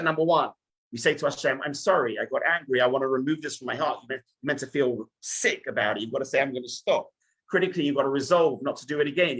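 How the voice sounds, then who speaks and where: A husky, bright-toned rabbi who gives a sermon in an animated, storytelling way. His voice sits a little higher than most men's, and he keeps turning to his listeners.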